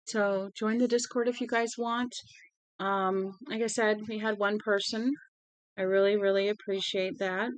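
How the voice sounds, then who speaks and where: A tired woman hosting a read-aloud livestream yawns and chats with viewers after the book reading, rambling in a friendly way with lots of "um"s. Her mid-range voice is level and unhurried, with no echo.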